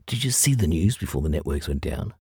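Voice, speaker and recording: A man's voice: a bass voice, sing-song, a little fast, warm tone, slightly rough, dry recording, clean studio sound, exaggerated voice. A man voicing an urgent young man who talks hurriedly and breathlessly, sometimes in a whisper.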